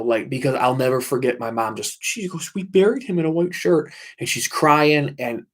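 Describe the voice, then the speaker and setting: Male livestream host, middle-pitched voice, intense storyteller who repeats himself and curses.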